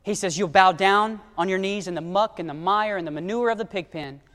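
A man with a high voice preaches in a big church hall with a long reverb tail. He tells his story by acting out the characters, going hushed and low for one and climbing loud and high for another. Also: a little fast. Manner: shifts to soft low tones for quoted characters, rising to loud high emphasis. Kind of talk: sermon storytelling.

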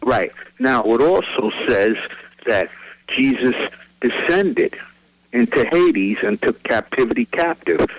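A man's voice: mid-range voice, expressive, slow, no echo, low-quality recording. Hesitant male caller with a question. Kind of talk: phone-in question.

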